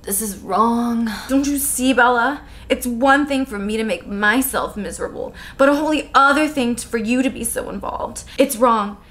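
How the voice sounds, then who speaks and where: A woman voicing a brooding, tormented teenage vampire boy in a slow, hushed, solemn reading. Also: a little high, lightly acted. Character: brooding teen male vampire, grave and tormented.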